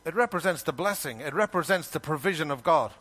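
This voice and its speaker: A male preacher with a fairly high voice delivers a sermon with emphasis. He keeps asking his listeners rhetorical questions and slips into the voices of the people he quotes. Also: expressive, quick pace, a bit bright.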